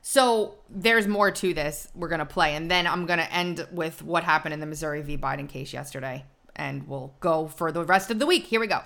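A woman's voice: brisk, gravelly, few pauses, a bit bright, a little hiss or hum. A woman hosting a talk show, setting up clips with chatty, wry commentary. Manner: chatty, wry, drops to low asides. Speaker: show host. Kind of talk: casual commentary.

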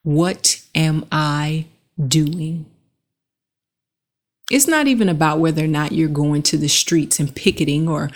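A woman giving an earnest, measured reflective monologue that leads the listener through slow breathing, pausing between phrases. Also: low voice, darkish tone.

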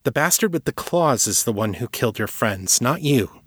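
A man reading aloud and voicing a calm, firm young woman telepath who explains and reassures steadily. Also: mid-range voice, normal speed, breathy edge, no room sound, clean studio sound. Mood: reassuring.

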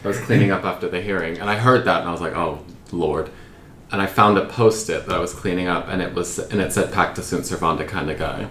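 Man, podcast co-host, very low pitch, laid-back, echoey room with faint hiss. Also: fast, hardly any pauses. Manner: relaxed storyteller, laughs often. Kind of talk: casual chat.

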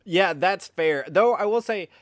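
A man's voice: sits high, expressive, unhurried, dry recording, studio quality. A man hosting a podcast interview in a casual way, swearing freely. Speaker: podcast host.

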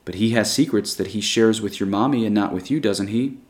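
The voice of a sweet, calm schoolteacher woman, as a male storyteller puts her on, soft and coaxing, with an unhurried, reasonable tone. It sounds like a storybook reading, with the pitch lifted a little above the reader's own. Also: natural voice. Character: gentle persuasive female schoolteacher, sweet and calm.

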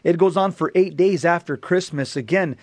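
A man's voice: a little high, moderate pace, no room sound. A man co-hosting a radio show, speaking in an emphatic, preaching way. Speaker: radio co-host. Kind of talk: casual radio talk.

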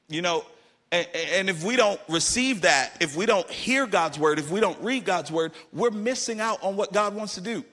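A man's voice: high-pitched, pushed and bright. A middle-aged man preaching a sermon as pastor, with emphatic delivery that repeats key phrases.

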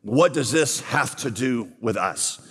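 A man's voice: medium pitch, lively intonation, slow, a bit bright, breathy edge. A man preaching a sermon, retelling a scripture story and posing rhetorical questions to his listeners. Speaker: pastor. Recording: long hall reverb.

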